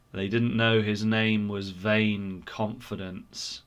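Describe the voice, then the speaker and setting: A man retelling a story for children at church, animated and expressive. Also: on the low side, takes it slowly, smooth.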